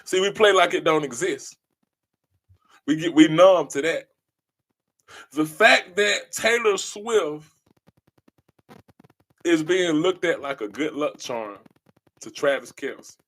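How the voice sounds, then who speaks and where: A man's voice: fairly high pitch, lively intonation, takes it slowly, pauses often, fairly bright tone. A man hosting a podcast, delivering a passionate monologue in an emphatic, preachy way and repeating his key phrases. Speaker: podcast host.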